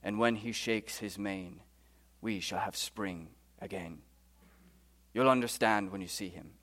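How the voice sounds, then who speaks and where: A man reading aloud and voicing a kindly male talking beaver in a put-on British accent, speaking softly. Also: lowish voice, a little slow, pitched below the performer's own voice. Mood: hushed earnest. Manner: hushed, storybook reading aloud.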